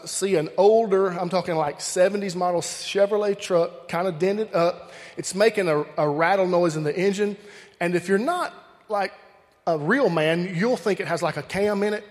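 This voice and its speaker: A man with a Southern accent from Alabama, preaching with folksy humorous stories and talking straight to the crowd. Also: high voice. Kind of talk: humorous storytelling sermon. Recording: long hall reverb.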